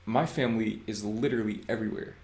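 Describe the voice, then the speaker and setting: A man in his twenties hosting a casual livestream chat, relaxed and reading chat aloud. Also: fairly low pitch, quick pace, reverberant. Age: 20s. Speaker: livestream host.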